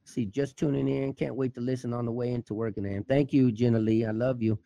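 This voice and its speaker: A man's voice: medium pitch, steady tone, a little fast, vocal fry, warm tone, no room sound, muffled recording. Blunt, profane man with dry sound. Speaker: podcast co-host, nursing instructor. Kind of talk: casual podcast banter.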